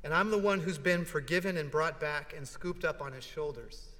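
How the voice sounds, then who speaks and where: A man preaching in an echoey hall. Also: on the high side. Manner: heartfelt storytelling, with dramatic pauses and hushed drops. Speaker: pastor. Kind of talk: sermon. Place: church.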